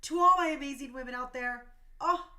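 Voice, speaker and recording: A woman's voice: high-pitched, a little fast, pushed and bright. A woman in her thirties hosting a talk show stream, speaking passionately and emotionally, tearful at times.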